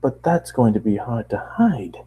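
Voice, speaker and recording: A man's voice: medium pitch, very animated, measured pace, slightly rough, lo-fi sound. A man voicing a friendly male apartment desk clerk in a storybook reading, speaking cheerfully and hospitably.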